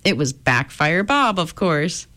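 A woman reading a children's chapter book aloud in a gentle, expressive storytelling manner. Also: lowish voice, slow pace.

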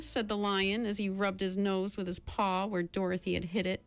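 A woman reading a storybook aloud as narrator, in an expressive, measured way. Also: mid-range voice.

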